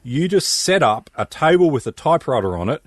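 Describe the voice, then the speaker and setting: A man's voice: on the high side, sing-song, brisk, no room sound, studio quality. An Australian man co-hosting a podcast, setting up questions hesitantly with many fillers. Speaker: podcast co-host. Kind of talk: casual interview chat.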